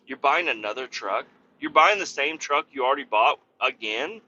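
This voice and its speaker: A man voicing an exasperated, sharp-tongued wife who scolds with profanity and disbelief. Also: mid-range voice, expressive, moderate pace, dull audio. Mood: scolding.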